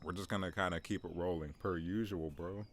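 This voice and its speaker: Young man, low voice, rambling, self-mocking, stop-start podcast chatter, faint background hiss. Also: steady tone, brisk. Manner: rambling, self-deprecating, joking, many restarts and "bro". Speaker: podcast host. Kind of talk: solo morning podcast monologue. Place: at home, in view of his backyard.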